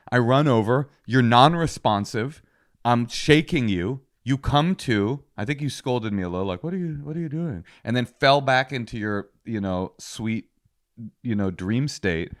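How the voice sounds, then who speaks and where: A man co-hosting a comedy podcast, telling a story with acted-out quotes in casual chat. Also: medium pitch. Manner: animated storytelling, acts out quotes loudly. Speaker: podcast co-host.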